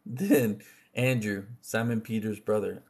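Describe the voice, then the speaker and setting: A man reading scripture aloud in an unhurried, measured way, with occasional slips and restarts. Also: on the low side, breathy edge. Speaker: scripture reader.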